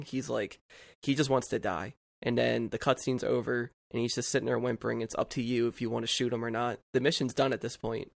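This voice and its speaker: A man co-hosts a casual podcast and talks in a gravelly voice of middle pitch. He rambles through a story, leaning hard on "like" as he goes. The sound is dry and close, with no room around it. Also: no room sound. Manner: rambling storytelling full of "like" fillers. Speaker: podcast co-host.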